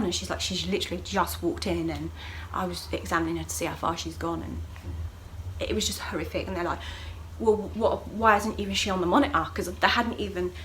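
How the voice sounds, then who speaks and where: Telling a personal story for her vlog, a young woman talks briskly in a loose, chatty manner. She performs other people's lines animatedly, her pitch and loudness jumping sharply. Slight background noise and poor audio quality come through.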